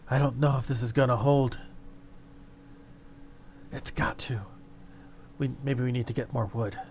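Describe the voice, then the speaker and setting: Guy voicing scared hoarse town guards, fretful, mid-pitched. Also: fairly even intonation, a little slow, noisy background, lightly acted. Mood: nervous. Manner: hoarse, nervous. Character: nervous hoarse armed townsmen.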